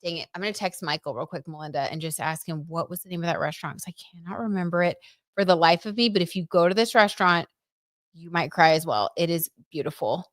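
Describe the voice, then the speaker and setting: A woman's voice: lowish voice, fast, no room sound, studio quality. Chatty, gushing young woman reading tarot. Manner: chatty, gushing, many "like"s and "oh my God"s; reads out viewer comments. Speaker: tarot livestream host. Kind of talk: casual livestream chat with tarot reading.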